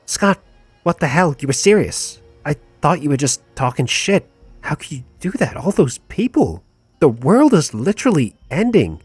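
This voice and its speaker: Guy reading out an angry scared woman's letter, loud and accusing, kinda husky. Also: a little high, very animated, normal speed, no room sound, soft background music, pitched above the performer's own voice, exaggerated voice. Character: furious frightened woman writing to a friend. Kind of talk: reading a letter aloud in character.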